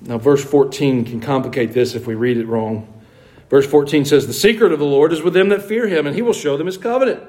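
A man's voice: fairly high pitch, a little fast, dark tone, rough recording. A man preaching a conversational sermon in a church, asking his congregation questions and putting on mock voices with wry asides. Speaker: pastor. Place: church sanctuary.

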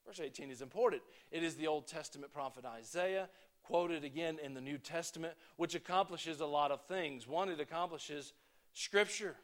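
A man preaching a sermon to his congregation, talking in a conversational way that swings between emphatic points and quiet asides. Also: on the high side, normal speed. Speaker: pastor.

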